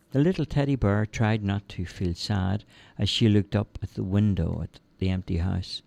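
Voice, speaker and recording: A male storyteller reads a children's tale in a gentle, measured way. His voice is gravelly, deep and warm, and the recording sounds close and dry. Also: dry recording. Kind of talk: storybook narration.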